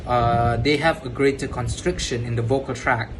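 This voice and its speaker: A young man explains course material in a measured, mid-pitched voice, like a student presenting to his class. He often pauses on "uh" fillers. A steady hiss of background noise runs under the recording.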